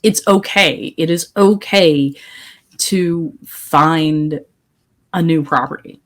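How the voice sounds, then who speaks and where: A low-pitched woman co-hosting a podcast, talking casually and firmly. She speaks in quick, opinionated bursts and often restarts her sentences. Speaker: podcast co-host. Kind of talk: casual chat.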